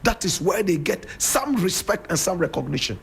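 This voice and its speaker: A man's voice: high voice, sing-song, moderate pace, creaky, fairly bright tone, husky. A Ghanaian man with a Ghanaian English accent giving a fiery, preachy radio monologue and calling his listeners brother and sister. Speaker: radio show host.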